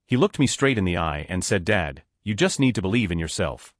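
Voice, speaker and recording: A man reading short online stories aloud as scripted narration, with a flat delivery that lifts at each story heading. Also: deep voice, brisk, no echo, studio quality.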